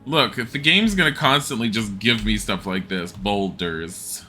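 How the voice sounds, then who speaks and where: Bright-voiced man chatting while gaming. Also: on the low side, expressive, measured pace, faint music behind. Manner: chatty, laughs often, mutters game commands. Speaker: game streamer. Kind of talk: casual live commentary while gaming.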